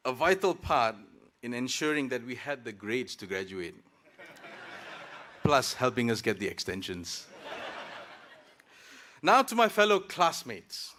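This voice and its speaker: A man's voice: medium pitch, big pitch swings, a little slow, long pauses, pushed and bright, some chatter behind, a little hiss or hum. A man, a working professional in his thirties, gives a prepared graduation speech at a podium microphone, formal and dotted with light jokes. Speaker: student speaker at graduation. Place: graduation ceremony.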